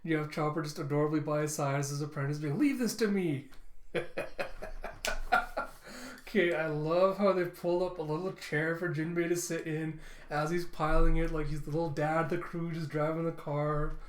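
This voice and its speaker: Young man, comic reviewer, casual read-along, fairly high voice, echoey room. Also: little pitch movement, slight background noise. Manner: narrates comic panels aloud, laughing often, doing quick character voices.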